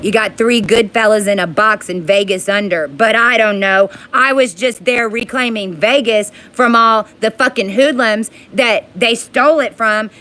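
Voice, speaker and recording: A woman in an angry, profane monologue to her viewers, rising into yelling. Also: medium pitch.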